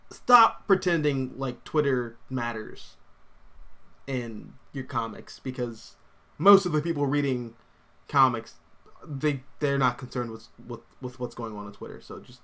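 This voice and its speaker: A young man hosts a comics livestream in a loose, rambling style, with lots of "like" and "um" and bursts of laughter. His voice is bright and forward. He keeps it casual and animated as he reacts to viewer comments. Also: medium pitch, a little slow.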